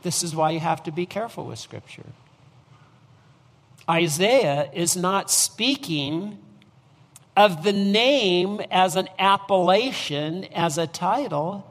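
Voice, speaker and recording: A man delivering a sermon at a slow, measured pace, his voice sitting a little higher than most men's. He leans into key words with rising emphasis and often restarts his phrases. The sound carries a long hall reverb. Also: lively intonation, a bit bright. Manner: deliberate preaching with repeated restarts and rising emphasis. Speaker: pastor.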